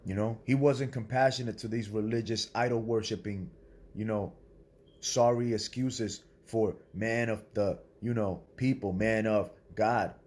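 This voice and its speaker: A man's voice: fairly low pitch, fairly even intonation, measured pace, darkish tone. A man delivering a blunt, profane motivational sermon, preaching in a confrontational way to other men and swearing freely. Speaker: self-styled spiritual speaker.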